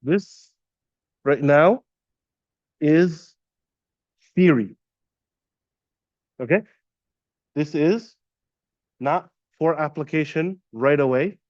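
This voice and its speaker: Slow, patient man teaching a class. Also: fairly high pitch, a little mellow, no room sound, highs cut off. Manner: patient, quizzes students and repeats terms slowly. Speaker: Arabic teacher. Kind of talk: classroom lesson. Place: classroom at an Islamic center.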